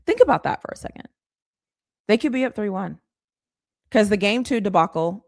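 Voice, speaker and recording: A woman's voice: mid-range voice, big pitch swings, unhurried, long pauses, no room sound, clean studio sound. A woman hosting a live stream, chatting casually and ranting with exasperation, laughing often. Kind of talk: casual live sports chat.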